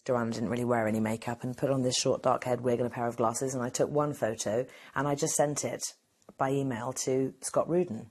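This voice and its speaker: A woman in her forties chatting candidly in an interview. Her voice sits low, and she answers openly, laughing easily between thoughts. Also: steady tone, fairly quick, darkish tone. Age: 40s. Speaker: actress interview guest. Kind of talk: casual interview.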